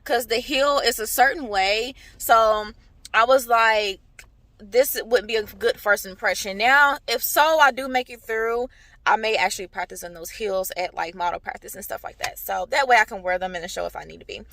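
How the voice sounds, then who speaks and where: Bright chatty young woman vlogger. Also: fairly high pitch, moderate pace, no room sound. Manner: chatty, filler-heavy, addresses viewers directly. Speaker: beauty vlogger. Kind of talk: casual vlog chat. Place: parked car.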